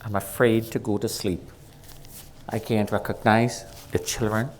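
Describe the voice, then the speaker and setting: A man's voice: level tone, a little slow, slight background noise. A man preaching a personal testimony in church, telling the story dramatically and acting out the voices of the people in it. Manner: dramatic storytelling, shifts from loud and high to low and quiet; acts out quoted voices. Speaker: guest preacher. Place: church sanctuary.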